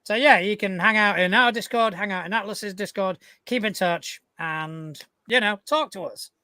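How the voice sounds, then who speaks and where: Laid-back male co-host with a bright, high voice who swears casually. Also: normal speed, clean tone, no echo. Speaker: podcast co-host. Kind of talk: casual live-stream chat.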